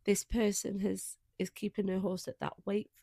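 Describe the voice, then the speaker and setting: A woman co-hosting a podcast, husky and croaky from a cold, telling a reflective story in a casual chat. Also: mid-range voice, flat delivery, moderate pace, mellow, no echo. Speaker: podcast co-host.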